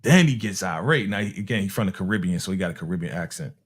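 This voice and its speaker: A man from Harlem, a music producer telling a story in a casual, animated way and acting out the people in it. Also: low-pitched, fast, breathy edge. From Harlem, New York. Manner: animated, acts out other people's voices with slang.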